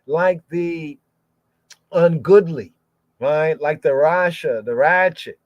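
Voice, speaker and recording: A man's voice: fairly high pitch, darkish tone, dry recording. A man teaching scripture on a podcast, sounding out Hebrew words one at a time and repeating them as he explains. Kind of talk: Bible study podcast. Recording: dull dry lo-fi sound.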